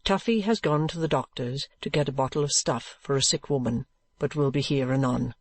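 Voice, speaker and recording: A man's voice: mid-range voice, a little fast, no room sound. Male audiobook narrator, dry sound.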